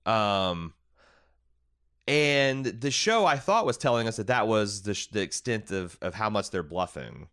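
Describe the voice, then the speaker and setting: A man's voice: on the low side, very animated, a little slow, a bit bright, clean tone. A man hosting a casual TV recap, rambling and paraphrasing characters with many fillers.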